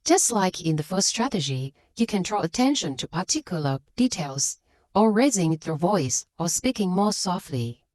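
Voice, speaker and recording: A woman English teacher runs through a scripted lesson at a moderate pace, her lively, fairly low voice hitting stressed words hard. The close, dry recording carries no echo or room sound.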